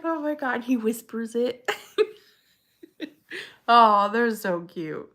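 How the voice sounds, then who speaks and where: Bright-voiced chatty woman streamer. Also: a little high, expressive, takes it slowly. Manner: chatty and gushing, answers viewers by name, frequent laughs. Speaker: livestream host. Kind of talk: casual live-stream chat reading viewer comments.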